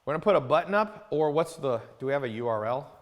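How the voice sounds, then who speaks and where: A man hosting a mentoring live call, lecturing off the cuff in a blunt, ranting way with lively swings in pitch and loudness. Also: fast, big-room sound.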